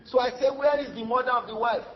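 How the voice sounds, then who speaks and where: A man with a Nigerian accent giving a lively sermon as an Islamic lecturer, acting out dialogue in his stories and laughing often. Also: extremely high pitch, fast talker. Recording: dull lo-fi lecture recording.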